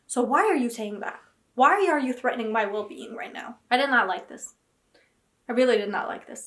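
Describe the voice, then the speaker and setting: A woman's voice: a little high, a bit bright. A young woman vlogging about books, talking casually and animatedly with dramatic, indignant outbursts. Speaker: book vlogger. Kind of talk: casual reaction vlog.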